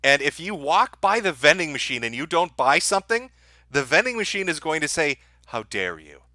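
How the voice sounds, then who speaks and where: Sarcastic, foul-mouthed man with a bright voice. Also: on the high side, animated, brisk, dry recording, studio quality. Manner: sarcastic, profane, laughing at his own jokes. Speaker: livestream host. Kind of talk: livestream rant reading super chats.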